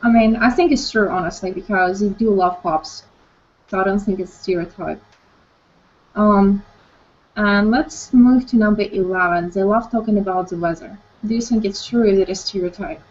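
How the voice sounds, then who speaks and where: Leading an online English conversation lesson with brief questions and prompts, a Ukrainian teacher speaks at a moderate pace in a mid-range, darkish voice. The call audio is dull and lo-fi.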